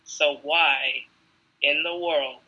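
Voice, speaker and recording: A woman with a hoarse, coughing voice hosting a casual gameplay video in a laid-back, drawling way. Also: deep voice, fairly even intonation, drawn-out words, bright, forceful tone, poor audio. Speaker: gaming channel host.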